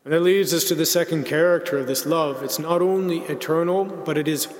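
A man preaching a sermon in a measured, reflective way, slowing down to stress key words. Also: fairly high pitch, steady tone. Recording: long reverb in a large hall.

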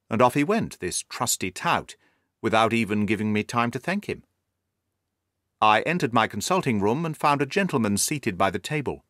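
A man narrating a period story in a measured, formal storytelling manner. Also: lowish voice, sing-song, a bit bright, no echo, studio quality. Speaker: audiobook narrator.

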